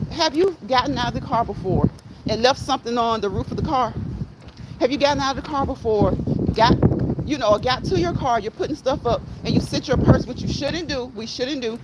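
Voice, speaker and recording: On a live-streamed outdoor walk, a woman with a slightly high voice talks casually and folksily to her viewers, reading chat aloud as she goes. She's recorded on her phone's microphone, which picks up loud, strong wind.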